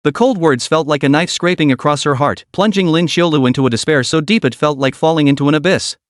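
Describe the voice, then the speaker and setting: A man's voice: a little high, fast, dry recording, studio quality. A man narrating a comic recap as a dramatic story.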